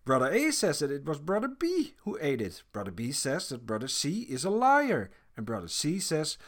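Lively man chatting about games. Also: on the high side, moderate pace, hardly any pauses. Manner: animated, laughs often, many restarts. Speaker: podcast co-host. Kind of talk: casual chat about video games.

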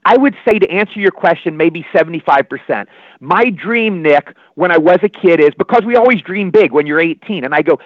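An older man from Maryland spins rambling, digressive stories as an interview guest. His voice sits high and rushes along at a quick pace. The sound is dry and slightly muffled. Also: no echo. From Maryland, USA. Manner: animated, rambling, digressive, repeats himself. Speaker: guest actor. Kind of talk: anecdotal storytelling. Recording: dull lo-fi sound.

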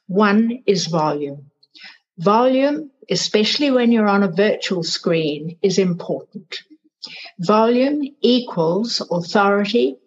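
A woman coaching doctors on speaking, explaining in a clear, deliberate way and stressing key words over a video call. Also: mid-range voice, muffled recording. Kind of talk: explanatory interview talk.

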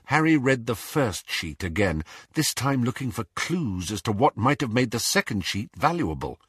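A man reads an audiobook in a husky, slightly breathy voice on the low side that ranges widely up and down. He tells the story expressively, stretching some phrases and rushing others to shift the pace for tension. The recording is dry and close.

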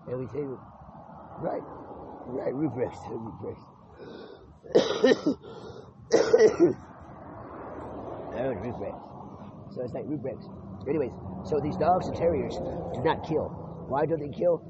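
A man's voice: a little high, animated, measured pace, long pauses. A man in a rambling spoken monologue who repeats words, restarts often and swears freely. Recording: muffled lo-fi with clear background noise.

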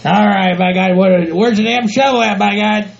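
A man voicing a gruff, grumbling hillbilly rancher in a comedy audio skit, swearing and repeating himself constantly. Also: sits high, normal speed. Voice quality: gravelly, exaggerated country hick voice. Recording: dull lo-fi home recording.

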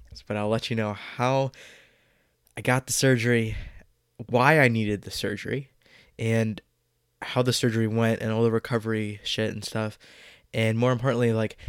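A man's voice: fairly low pitch, smooth, dry recording, studio quality. A young man of seventeen with a stuffy, congested voice from a cold, chatting casually on his solo podcast, rambling and joking about his own stalling. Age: late teens. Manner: rambling, self-aware, jokey about stalling.

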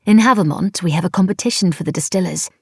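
A woman's voice: on the low side, quick pace, darkish tone, husky, no room sound, studio quality. A woman reading the lines of a curious young noblewoman traveller in a musing, fond tone, as an audiobook character.

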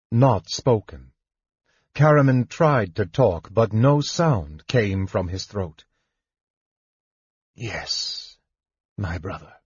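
A man reads a fantasy novel aloud with a husky voice and an unhurried, even delivery. The sound is dry and a little dull, with no room around it. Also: fairly low pitch, no echo. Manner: measured, even storytelling. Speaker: audiobook narrator. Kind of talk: scripted fantasy audiobook narration.

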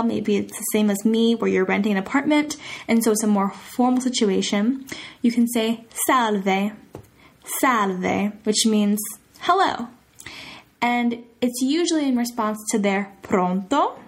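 A woman hosting a podcast language lesson, repeating foreign phrases slowly and carefully with small laughs. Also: fairly high pitch. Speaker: language teacher, podcast host.

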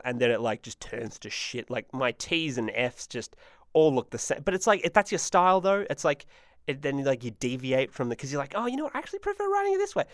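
A man's voice: fairly high pitch, a bit bright, dry recording, studio quality. A young man hosting a solo comedy podcast, rambling and self-mocking, with sudden silly sung bits. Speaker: podcast host.

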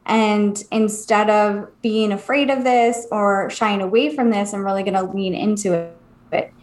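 A woman co-hosting a podcast, speaking in a relaxed, encouraging way in casual chat. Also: medium pitch. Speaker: podcast co-host.

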